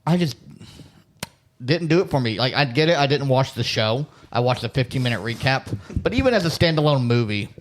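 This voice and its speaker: Young man, podcast co-host, dry blunt manner, unhurried casual talk. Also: mid-range voice, lively intonation, slight background noise. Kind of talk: casual chat.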